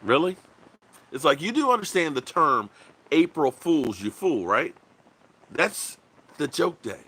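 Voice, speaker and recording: A man's voice: a little high, sing-song, normal speed, long pauses, bright, forceful tone, breathy edge. A man hosting a casual sports livestream, rambling loosely, reading viewer comments aloud and swearing bluntly. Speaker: sports channel host.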